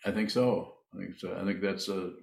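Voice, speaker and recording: A man leading a meditation Q&A, speaking slowly and haltingly, often repeating his phrases. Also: sits low, fairly even intonation, creaky. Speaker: meditation teacher. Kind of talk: Q&A in a dharma talk. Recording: echoey room from far off.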